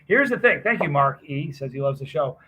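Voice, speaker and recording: A man's voice: a little high, expressive, brisk, bright, forceful tone, a little hiss or hum, poor audio. A man live streaming casually, rambling and greeting viewers by name from a hot sauce festival booth.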